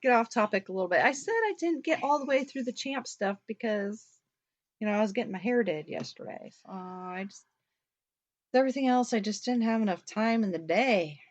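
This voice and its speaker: A woman with a fairly high, very lively voice, swinging up and down as she chats and exclaims. Her voice comes through close and dry. The audio has a dull, lo-fi quality. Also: a little fast, no echo. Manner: animated, bursts into loud laughter, exclaims. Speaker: podcast co-host. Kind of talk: casual chat, reading a news item aloud.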